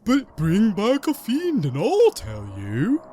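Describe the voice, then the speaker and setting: A man doing a sly, slow-talking skull. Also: sits high, wildly swooping pitch, mellow, a little hiss or hum, voice pushed up, heavily acted.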